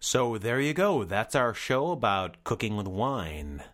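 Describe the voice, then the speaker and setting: A man's voice: lowish voice, sing-song, measured pace, fairly bright tone. A man casually reviewing cheap wines, with a dry, wry and sarcastic manner. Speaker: wine reviewer.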